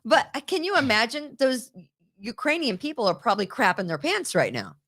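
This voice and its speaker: A woman hosting a casual political talk show, animated and quick to laugh, often repeating words as she goes. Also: a little high.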